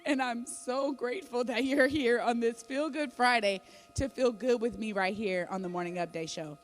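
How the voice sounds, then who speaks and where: A woman's voice: fairly high pitch, moderate pace. A woman co-hosting a live morning show on a theater stage, talking in a heartfelt, effusive way.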